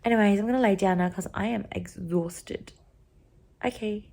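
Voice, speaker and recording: A woman's voice: medium pitch, moderate pace, gravelly, dark tone. A young woman talking casually to a handheld camera, rambling and chatty, full of "like" and "um". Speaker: vlogger.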